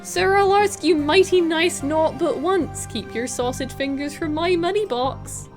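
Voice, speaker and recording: A woman's voice: very high voice, a little slow, soft background music, voice pushed up. A woman voicing a fawning male costume shopkeeper in a put-on Southern American drawl, obsequious and sly in a video game. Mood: smarmy salesman. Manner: drawling, obsequious, keeps saying sir.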